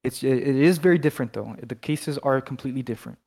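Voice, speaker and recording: A man's voice: medium pitch, quick pace, gravelly, darkish tone. A young man from Canada, co-hosting a podcast in casual chat, rambling and swearing with lots of restarts. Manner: rambling, loose, swears a lot, many restarts. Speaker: podcast co-host.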